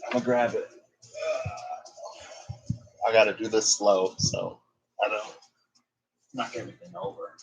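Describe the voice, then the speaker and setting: A man's voice: fairly low pitch, fairly even intonation, measured pace, long pauses, husky, lo-fi sound. A young man giving a casual tarot reading, rambling and thinking aloud as he corrects himself. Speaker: tarot reader.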